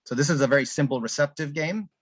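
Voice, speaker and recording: Husky-voiced man presenting casually. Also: a little high, fast talker, fairly bright tone, no room sound. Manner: casual, thinks aloud with frequent ums and restarts. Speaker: presenter demonstrating a learning app. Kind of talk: live online conference presentation.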